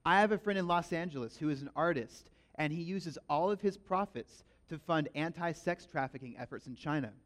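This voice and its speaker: Animated man preaching with stories. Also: fairly high pitch, a little fast, hardly any pauses. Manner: animated, emphatic storyteller. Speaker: pastor. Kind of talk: sermon with storytelling.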